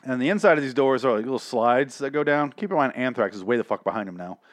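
A man's voice: mid-range voice, fast, no room sound. A man rambles through a profane comedic recap, swearing freely and building into exasperated rants. His voice sits in a middling register, recorded close and dry with no room sound. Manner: rambling, crude, increasingly exasperated ranting.

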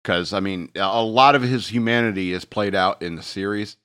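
A man in a casual chat, thinking out loud about a character in a measured, analytical way. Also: lowish voice.

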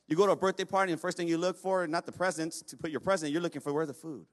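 A man preaching a sermon in a fairly high voice. He is a pastor, reading scripture aloud and then speaking straight to his congregation, calling on them to respond. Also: steady tone, very fast.

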